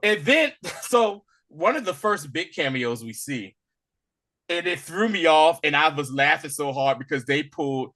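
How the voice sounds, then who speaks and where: Bright-voiced man chatting about movies. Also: fairly high pitch, measured pace. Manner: animated, acts out lines in loud bursts. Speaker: podcast co-host. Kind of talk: casual movie discussion.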